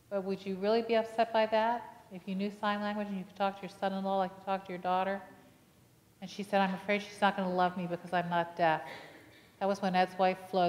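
A woman's voice: mid-range voice, level tone, brisk. A woman pastor preaching a sermon, telling a personal story with acted-out dialogue and putting questions to the congregation. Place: church sanctuary. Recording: long reverb of a church hall.

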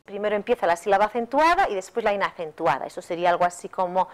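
A woman teaching pronunciation, explaining stress patterns briskly and chanting verse to show the rhythm. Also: mid-range voice, animated, poor audio. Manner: rhythmic, demonstrative.

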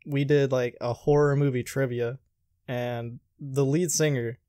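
A man's voice: medium pitch, steady tone, measured pace, warm tone, no room sound, clean studio sound. A man hosting a podcast, chatting casually and rambling with crude jokes. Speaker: podcast host. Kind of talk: casual chat.

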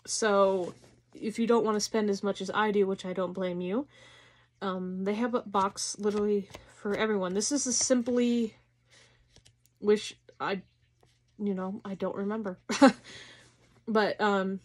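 A woman vlogger chatting casually through an unboxing, gushing and excitable, with some casual swearing. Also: medium pitch, measured pace, long pauses.

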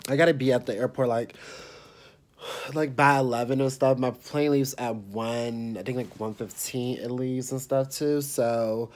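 A man's voice: mid-range voice, steady tone, unhurried, a little mellow. A young man talking casually to his vlog audience, rambling and padding his sentences with fillers. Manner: rambling, heavy on fillers like "and stuff". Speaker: vlogger.

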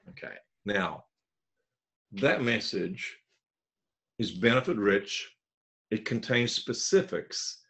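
Man, low husky voice, webinar presenter, animated storyteller, frequent throat clearing. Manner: animated storytelling, acting out dialogue. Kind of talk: marketing webinar talk.

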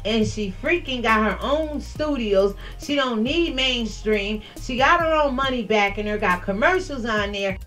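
A woman vlogger talking casually and profanely while responding to viewer comments, loud and animated, laughing at her own jokes. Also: a little high, unhurried, few pauses, faint music behind, rough recording.

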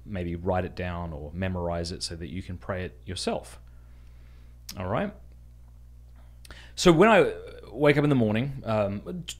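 A man, a podcast host, casually and earnestly walks listeners through a prayer, chatty and easily amused. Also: on the low side. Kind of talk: casual spoken instruction.

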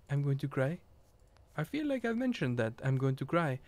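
A man's voice: mid-range voice, sing-song, normal speed, a little mellow. A man casually commenting on his own game playthrough, rambling, swearing and joking about his losses. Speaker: game streamer. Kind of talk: let's play commentary.

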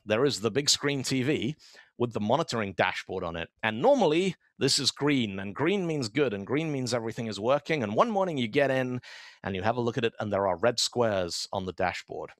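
A man's voice: medium pitch, no room sound. Chatty man giving a dry-sounding tech talk. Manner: animated storyteller who acts out quoted dialogue; conversational, with frequent fillers and asides. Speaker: conference speaker.

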